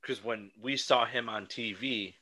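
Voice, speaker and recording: Bright-voiced man chatting on a podcast. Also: mid-range voice, a little slow. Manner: animated, rambling with restarts. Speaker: podcast co-host. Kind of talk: casual chat.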